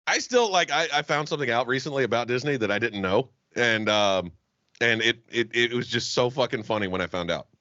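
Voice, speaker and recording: Man, southern US, podcast co-host, animated swings in pitch, dry slightly dull recording. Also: fairly quick, dry recording. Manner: joking, profane, laughs often. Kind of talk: casual comedic chat.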